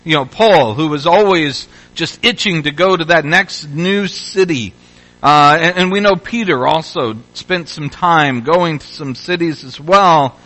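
A man from Louisville, Kentucky, preaching in a high, bright voice. He talks through the sermon in an easy, conversational way, repeats himself as he restarts phrases, and now and then builds to energetic calls. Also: unhurried, low-quality recording. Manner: conversational, with restarts and rising exhortations. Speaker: pastor.

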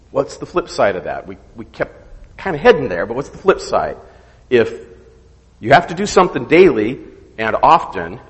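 A man's voice: lowish voice, big-room sound, low-quality recording. A man teaching an informal Bible study, asking questions and checking in with "okay?", sometimes stopping to search for words. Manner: conversational, asks questions, frequent "okay?" checks.

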